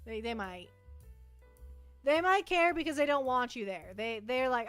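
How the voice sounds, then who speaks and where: A high-pitched young woman with a bright, sharp tone chats on a livestream. She rambles playfully, tripping over restarts, with faint music under her voice. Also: big pitch swings, unhurried, long pauses, clear, resonant tone, dry recording. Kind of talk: casual livestream chat.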